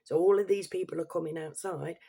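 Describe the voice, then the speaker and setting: Vlogger, woman, Leicester accent, gravelly and husky, reads set points then rants and swears. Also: fairly low pitch, fairly even intonation, quick pace, mellow. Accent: Leicester English. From Leicester, England. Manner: reads prepared points, then breaks into heated, swearing asides. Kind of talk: political opinion rant.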